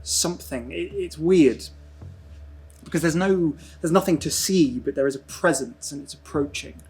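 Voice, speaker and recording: A man narrating a tabletop role-playing game as game master, in slow, hushed, dreamy descriptions. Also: fairly high pitch, slightly rough, soft background music.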